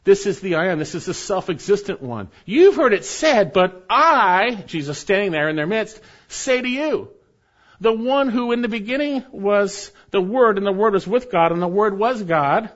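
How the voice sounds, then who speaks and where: A man's voice: high-pitched, a little fast, few pauses. A man preaching an expository sermon as pastor in a church, emphatic and repeating key phrases for stress. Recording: dull lo-fi sermon recording.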